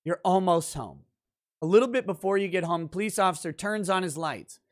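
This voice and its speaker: A male lawyer in a casual commentary video, talking through a court decision in a conversational, emphatic way. His voice sits a little higher than most men's, and he stops now and then to think aloud over the text. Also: animated, fairly quick. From central Minnesota, United States. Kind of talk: legal commentary.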